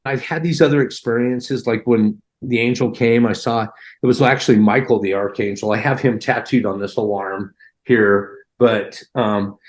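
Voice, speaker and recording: A man's voice: medium pitch, moderate pace. A man earnestly recounting a personal near-death experience in a heartfelt, conversational way, acting out his own reactions.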